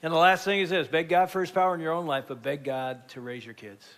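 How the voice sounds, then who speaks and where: A man in his fifties, a grandfather and pastor, tells stories from the stage in a slightly higher-than-usual voice. He talks like he's chatting, and now and then his voice jumps up loud and high. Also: fast talker. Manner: animated storyteller with sudden loud jumps. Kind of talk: conversational sermon.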